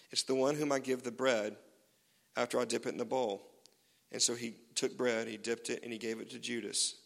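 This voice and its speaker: A man's voice: mid-range voice, creaky, fairly bright tone, in a large hall. A man preaching a sermon as pastor, casual and joking, with many fillers.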